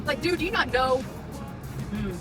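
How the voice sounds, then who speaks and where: A woman with a high, animated voice speaks at a slow pace, far from the mic and over loud music. Live-streaming from her car in traffic, she heatedly confronts and taunts someone in a repetitive, combative way.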